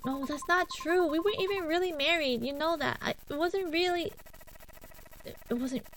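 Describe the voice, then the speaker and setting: A woman's voice: on the high side, steady tone, moderate pace, lightly acted. A woman voicing a desperate, pleading young wife who begs forgiveness, over background music. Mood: protesting.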